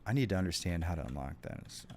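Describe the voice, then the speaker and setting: With lively intonation and a quick pace, a deep-voiced man chats with his stream viewers mid-game, rambling, swearing plenty, and replying to chat messages. His tone is a little mellow, a keyboard clatters behind him, and there's a little hiss or hum.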